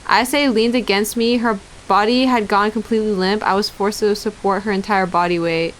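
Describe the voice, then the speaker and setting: A woman's voice: medium pitch, fairly even intonation, normal speed, a little hiss or hum. A young woman streamer reading visual novel narration aloud, breaking off into giggly casual asides to chat.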